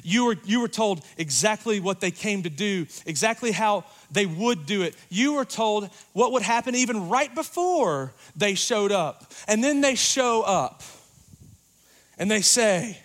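Guy preaching in church, kinda high voice, chatty and jokey, gets loud then drops real low. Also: expressive, measured pace. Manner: conversational, joking, rises and drops in volume for emphasis. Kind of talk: sermon.

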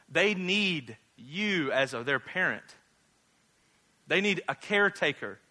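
A man's voice: fairly high pitch, pushed and bright. A man, preaching a casual, humorous sermon as a pastor, full of jokes and tag questions. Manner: joking, conversational, rhetorical tag questions.

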